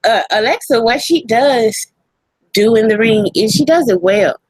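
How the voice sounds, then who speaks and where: Woman cohost, lively cussing wrestling talk, kinda high voice, dry mic. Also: measured pace, husky, no echo. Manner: animated, profane, laughs often. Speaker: podcast co-host. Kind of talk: casual wrestling chat.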